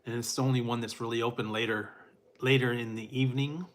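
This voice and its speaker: A middle-aged man chatting casually with his live viewers, rambling and laid-back. He talks at an ordinary mid pitch, chuckles often and fills pauses with ums and uhs. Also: steady tone. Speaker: food reviewer.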